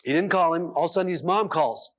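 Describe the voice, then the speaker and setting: Male seminar speaker with a slightly high voice, animated storyteller who acts out his anecdotes. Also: quick pace. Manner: chuckles between sentences. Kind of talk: storytelling self-help talk.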